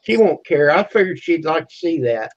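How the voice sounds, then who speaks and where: A man appears as a guest on a livestream, chatting casually and easygoing in a fairly high, expressive voice at a moderate pace. The stream audio sounds dull and lo-fi.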